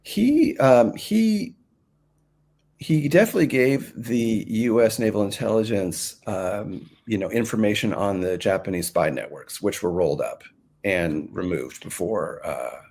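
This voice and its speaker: Deep-voiced man, rambling with fillers. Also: a little slow, vocal fry, a little mellow. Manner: rambling, many fillers and restarts. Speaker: guest author. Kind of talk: casual interview talk.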